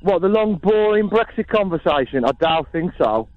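A cocky Black Country phone-in host, put on by a man, who brushes callers off in a pitched-up, swooping voice. The studio sound is dry and a little dull. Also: lively intonation, normal speed, no echo, faint music behind. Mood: scornful. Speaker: radio phone-in host character. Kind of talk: comic radio phone-in. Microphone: studio microphone.

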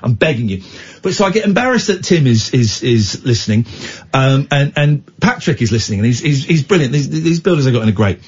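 A man with an English accent hosting a late-night radio chat show, animated and self-mocking, often breaking into giggles. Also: mid-range voice, a little fast, slightly rough, highs cut off. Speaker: radio host.

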